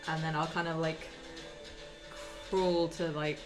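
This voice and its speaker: A low-pitched woman working through her turn out loud. She hesitates and fills the gaps as she plans. Loud music plays behind the table talk. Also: little pitch movement, unhurried. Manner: hesitant, thinks aloud with many "like"s and "um"s. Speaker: player. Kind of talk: casual game talk. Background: music playing in the background.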